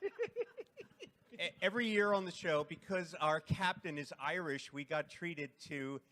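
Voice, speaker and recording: Wry, bright-voiced man joking on a panel. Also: fairly high pitch, a little slow. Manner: wry, deadpan teasing. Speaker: cast member at a reunion panel.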